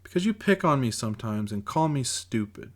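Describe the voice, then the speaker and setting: A man's voice: medium pitch, very animated, a little fast, voice pushed up, close to an everyday voice. A man doing a scared little girl. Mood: frightened. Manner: childlike, pleading. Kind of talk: audiobook character voice.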